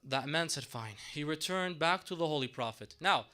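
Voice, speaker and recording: A man's voice: a little high, lively intonation, normal speed, pushed and bright. A man preaching a sermon in a mosque, telling a story dramatically and acting out the characters' voices.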